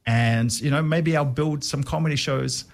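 A man in his forties with a New Zealand accent and a gravelly voice, chatting as a guest in an interview. He is wry and self-deprecating, stumbling over his words and restarting often. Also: medium pitch, normal speed. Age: 40s. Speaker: comedian guest. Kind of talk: casual interview chat.

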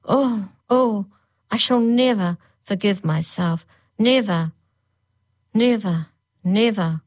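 A woman's voice: slow pace, a little mellow, dry recording, clean studio sound. A woman voicing grief-stricken nursery nurses who wail and moan in a raised, lamenting voice. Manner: high moaning lament. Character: wailing guilt-stricken nursery nurse women.

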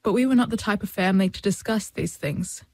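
A woman reading a first-person story as an audiobook, in a measured storytelling manner and close to the mic. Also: mid-range voice, dry recording. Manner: measured storytelling, voicing family and friends in dialogue. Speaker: audiobook narrator.

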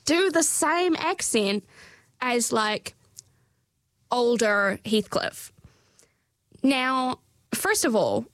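A woman's voice: sits high, no echo. A woman giving a casual, chatty film review, full of fillers, restarts and wry asides.

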